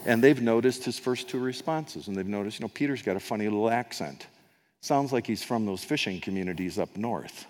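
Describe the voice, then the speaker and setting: A little fast and a little mellow, the male pastor speaks at a fairly low pitch. In his sermon he tells the story in a conversational style, acting out quotes and making asides, and a long hall reverb fills the sound.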